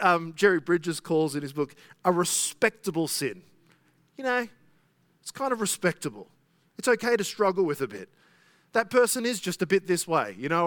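A man's voice: high voice, very animated, brisk, fairly bright tone, dry recording, clean studio sound. A pastor preaching an expository sermon in a conversational way, often asking his listeners rhetorical questions.

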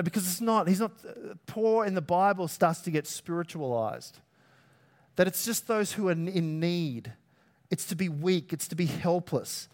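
In a high voice, a man preaches as a pastor, chatting conversationally, asking his audience rhetorical questions, and lifting his voice on important words.

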